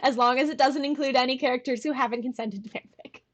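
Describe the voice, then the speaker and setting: A high, bright-toned young woman chats playfully with her live stream audience as she reads a novel aloud. She giggles easily and tosses in internet slang between passages. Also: steady tone, fast.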